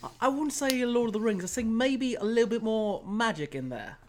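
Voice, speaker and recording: A man's voice: very high-pitched, animated, fairly quick, voice pushed up. A man putting on a British accent as a cheeky bloke, hamming it up with slang. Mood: playful. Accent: put-on British. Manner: jokey, hammed-up slang.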